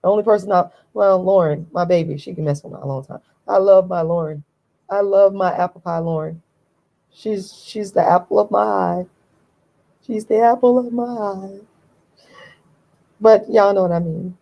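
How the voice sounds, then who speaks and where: A woman's voice: on the low side, steady tone, moderate pace, vocal fry, highs cut off. A woman hosting her own vlog, talking from a laid-back position in a voice tired from a long day, stressing points by repeating them. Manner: emphatic, repeats phrases for stress. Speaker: channel host. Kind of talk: casual opinion vlog.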